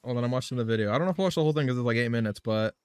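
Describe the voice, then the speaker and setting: A man's voice: mid-range voice, racing, a little mellow, clean tone, dry recording. A man live streaming a game, chatting casually in a loose, rambling way, swearing and laughing often.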